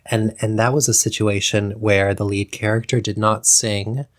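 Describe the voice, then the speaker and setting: A man talking as a guest on a podcast, chatty and rambling in a relaxed conversational way. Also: on the low side, moderate pace. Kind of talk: casual chat.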